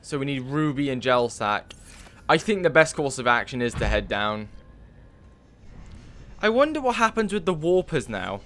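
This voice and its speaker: A man's voice: mid-range voice, big pitch swings, normal speed, long pauses, a bit bright, slight background noise. A man giving casual gameplay commentary, thinking aloud with many fillers and swearing when moved. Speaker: let's play gamer.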